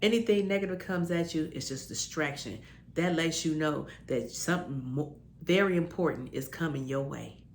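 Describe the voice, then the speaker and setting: A woman's voice: low-pitched, normal speed, a little hiss or hum. A woman with talk giving heartfelt spiritual encouragement to listeners, calling them honey and baby. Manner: emotional, tearing up with joy. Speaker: spiritual self-help podcaster.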